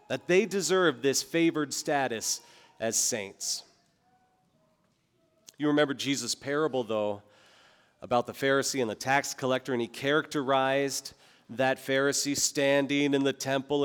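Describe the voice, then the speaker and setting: A man's voice: a little high, big-room sound. A male pastor preaching a sermon with earnest, emphatic rises. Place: large church sanctuary.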